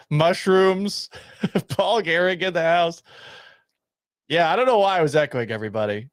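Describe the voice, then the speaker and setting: A man with a high-sitting voice hosts sports talk radio from a studio microphone at a mixing board, reading listener texts and giving blunt, sarcastic opinions with laughs at his own expense. He speaks at a measured pace with long pauses, and there's no echo.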